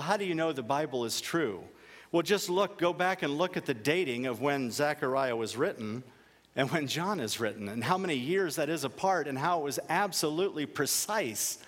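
A man's voice: on the high side, a bit bright, in a large hall. A male pastor delivering a sermon in an earnest, emphatic way, repeating key phrases for weight.

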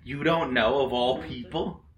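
A man's voice: medium pitch, a little slow, a little hiss or hum. A man on a casual podcast, cracking jokes and teasing the others. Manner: teasing, jokey wisecracks. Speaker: podcast co-host. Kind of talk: casual banter. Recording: echoey room with faint ambience.

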